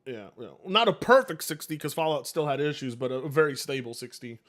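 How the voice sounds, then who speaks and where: A man's voice: fairly high pitch, lively intonation, fairly quick, fairly bright tone. A man hosting a live game stream, chatting casually with viewers in a rambling way, swearing and laughing easily. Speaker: livestream host.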